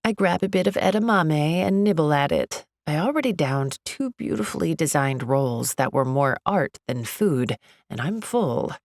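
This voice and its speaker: Female narrator for a first-person romance audiobook, low and gravelly, close dry studio sound, expressive and chatty. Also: normal speed, no room sound. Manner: expressive, chatty, lively inner monologue.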